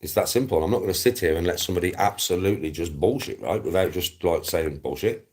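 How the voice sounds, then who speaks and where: On his own YouTube channel, the Smethwick man with a Black Country accent carries on a casual rant, sweary, blunt and repetitive, interrupted by laughter. His low-pitched voice is husky and a little mellow, and he keeps up a quick pace.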